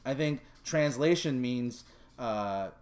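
A man's voice: medium pitch, expressive, slow pace, background noise. A man hosting a casual comedy podcast, loose and joking, laughing often. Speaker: podcast host.

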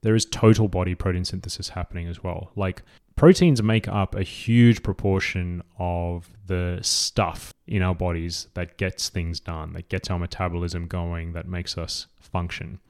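A man with a very low voice talks through fitness ideas in an easygoing, explanatory way. His delivery is conversational, peppered with fillers, and he speaks like a coach breaking ideas down simply. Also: measured pace. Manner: relaxed, conversational, frequent fillers. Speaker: fitness educator. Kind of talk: casual explanatory talk.

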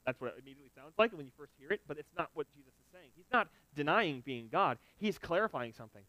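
A man preaching a sermon, building to loud emphatic lists and dropping to quiet asides. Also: fairly high pitch, very animated, fast talker, highs cut off.

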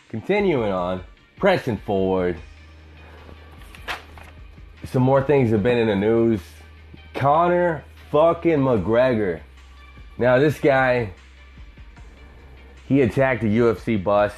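A man's voice: mid-range voice, expressive, slow pace, long pauses, darkish tone, muffled recording, faint music behind. A man hosting a podcast, telling profane stories in a rambling, casual monologue. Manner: profane, rambling storyteller, acts out voices. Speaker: podcast host.

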